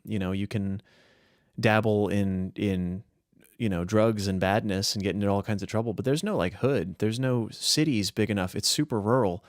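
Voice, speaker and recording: New hampshire guy, kinda low voice, rambly animated podcast chat, dry mic. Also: dry recording. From northern New Hampshire. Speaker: podcast guest roleplayer. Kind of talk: casual chat.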